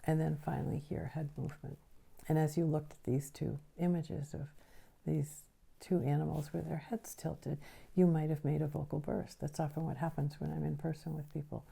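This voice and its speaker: Low gravelly lady teaching a class, explains things and keeps asking right?. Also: level tone, normal speed, mellow. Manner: explanatory, often checks in with a tag question. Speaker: nervous system educator. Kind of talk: teaching a recorded lesson.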